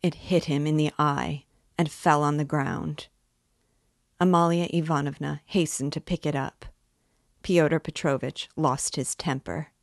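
A woman reads a novel aloud in a calm, deliberate way. Her voice is low and slow, and the sound is dry and close. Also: vocal fry, no echo. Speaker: reader. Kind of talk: audiobook narration.

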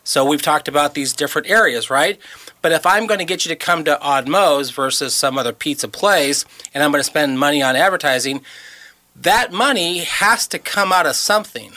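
A man's voice: fairly high pitch, moderate pace, bright, forceful tone, dry recording. A man co-hosting a radio talk show who explains things step by step and walks through figures from a book. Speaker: radio co-host. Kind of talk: casual radio chat.

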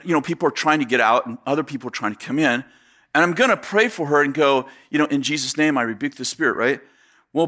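A male pastor telling a story from the pulpit, jumping into quick impressions of the people in it and tripping over his own restarts. His voice sits fairly high and sounds bright and forceful. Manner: animated storyteller acting out dialogue, many fillers and restarts. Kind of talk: sermon with storytelling.

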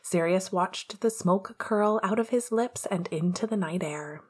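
Husky-voiced woman reading fan fiction. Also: mid-range voice, measured pace, darkish tone. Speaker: podfic reader. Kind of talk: storybook narration.

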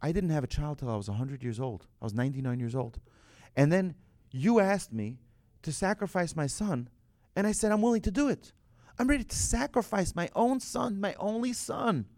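A man's voice: mid-range voice, fast talker, hardly any pauses, mellow, dry recording, studio quality, close to an everyday voice. A man voicing an aged patriarch who indignantly pleads his merit. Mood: indignant pleading.

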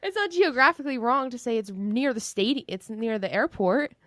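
A woman's voice: fairly high pitch, lively intonation, fairly quick, fairly bright tone, no echo, studio quality. A woman co-hosting a sports radio show, chatting casually with teasing sarcasm. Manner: teasing, sarcastic, laughs often.

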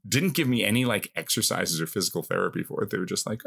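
A man in his fifties, lowish and a touch gravelly, telling an old story as a guest. He mocks himself, gets animated, and fills his talk with "like" and "you know". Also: quick pace. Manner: animated, self-mocking, heavy use of filler words. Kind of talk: casual conversational storytelling.

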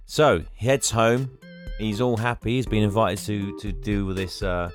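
Teasing man, low voice. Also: flat delivery, unhurried, over music. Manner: laughs often, teasing, feeds clues bit by bit. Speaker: podcast host leading a guessing game. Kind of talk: casual chat.

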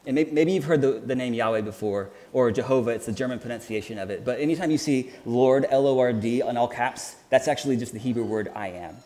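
A man preaching a sermon in an earnest, halting way, often restarting his sentences. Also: mid-range voice, darkish tone. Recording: hall reverb with faint ambience.

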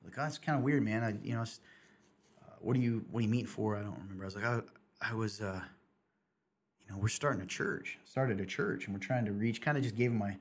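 A man's voice: lowish voice, quick pace, slightly rough. A man in casual podcast chat, a pastor and host who tells stories in a rambling way, with many restarts.

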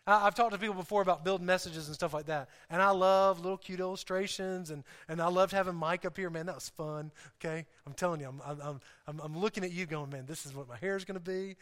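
A man preaching a sermon to a congregation in an animated, joking way, often repeating himself and restarting. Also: high voice, fast, hardly any pauses. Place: church hall. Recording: hall reverb.

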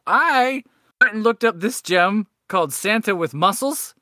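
A man throwing out character ideas on a podcast, swinging his pitch widely and laughing at himself. His voice is bright and sounds close and dry. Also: a little slow, dry recording. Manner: animated, laughing, self-deprecating. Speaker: player. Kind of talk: casual podcast chat.

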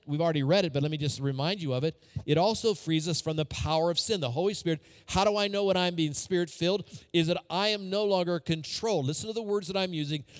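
A man preaches to his congregation, his voice sitting high for a man. He talks in a relaxed, conversational way, weaving in personal stories and repeating key phrases. The sound carries a long reverb, as if filling a large sanctuary. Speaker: pastor. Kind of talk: sermon.

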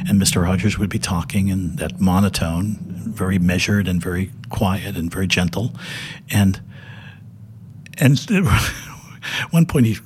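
A man's voice: deep voice, a little hiss or hum. An older man, a television director, telling stories as a guest in a loose, rambling way with many fillers. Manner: rambling, many fillers and restarts, laughs often. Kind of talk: casual anecdote telling.

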